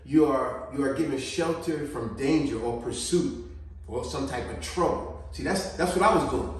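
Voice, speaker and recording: A man telling a childhood story in an animated, slangy way, laughing often, recorded in a very echoey room away from the mic. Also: mid-range voice, moderate pace, recorded from a distance. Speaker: vlogger.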